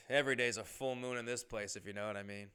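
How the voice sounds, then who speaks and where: A man imitating an old, bald male grocery bagger who tells dry jokes in a low, deadpan way. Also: fairly quick, clean tone, lightly acted.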